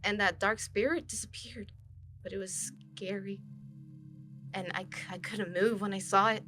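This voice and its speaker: Brief: jittery, excitable young woman in a tabletop game, quick startled outbursts, put on by a woman; bright voice. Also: medium pitch, slight background noise, natural voice. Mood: frightened.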